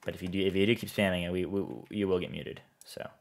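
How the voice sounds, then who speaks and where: Sitting low with a steady tone, his voice moves at a quick pace. He's playing a building game on a live stream, reading viewers' chat and answering in a relaxed, meandering manner.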